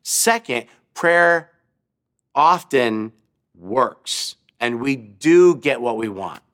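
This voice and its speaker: A man preaching a sermon, telling short stories in an animated way and asking his listeners questions as he goes. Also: mid-range voice, very slow. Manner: animated, asks the audience questions, acts out crowd voices. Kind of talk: children's sermon storytelling.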